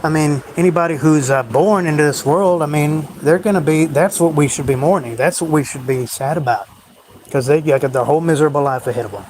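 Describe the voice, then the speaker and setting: A man's voice: a little high, fairly quick, darkish tone, a little hiss or hum, poor audio. A man hosting a solo livestream, rambling in a brooding, bitter way about life. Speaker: livestream host.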